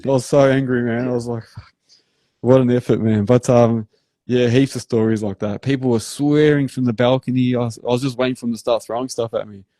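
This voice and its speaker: An Australian man hosting a live show, rambling through animated work stories in casual chat. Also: medium pitch, brisk, dry recording. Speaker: host.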